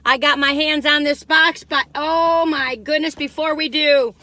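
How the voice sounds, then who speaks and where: A woman's voice: high-pitched, fairly even intonation, a little slow, pushed and bright, dry recording. A bubbly, giggly woman chatting through a casual food review from inside her car. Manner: bubbly, giggly, sings playful jingles.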